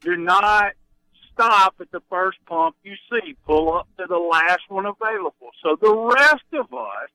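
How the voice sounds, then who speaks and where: A man's voice: high voice, expressive, a little slow, sharp tone, dry recording, low-quality recording. A man calling in to a radio show, emphatically ranting about rude drivers. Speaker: caller. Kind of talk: phone-in chat.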